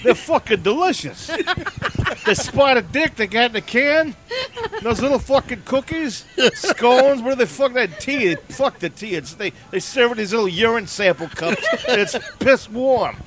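High, lively, crude joking man. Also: unhurried, background noise. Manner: profane, rowdy and mocking. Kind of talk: crude, joking casual chat.

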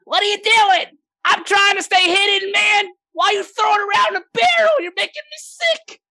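A game master voicing a small, pudgy male gnome stowaway who shouts in shrill panic. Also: moderate pace, gravelly, heavily acted. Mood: panicked.

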